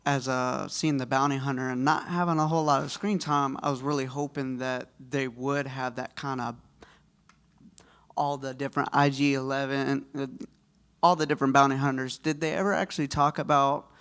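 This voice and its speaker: A man in the audience asking a convention panel questions, polite and halting with many uhs. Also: mid-range voice, little pitch movement, fairly bright tone, clean tone.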